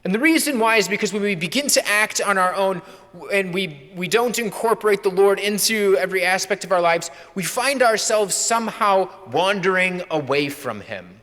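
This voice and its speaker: A man's voice: high voice, lively intonation, moderate pace, bright, forceful tone. A young male priest preaching a conversational homily, acting out remembered dialogue. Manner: conversational, acts out quoted dialogue. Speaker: pastor. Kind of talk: sermon. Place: church. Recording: long church reverb.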